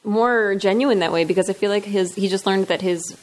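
A woman co-hosting a casual chat, thoughtful and quick to laugh. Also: mid-range voice.

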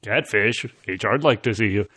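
A man co-hosting a casual fan discussion show, animated and laughing often, restarting his phrases as he talks. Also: lowish voice, normal speed, heavy background noise. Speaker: podcast co-host.

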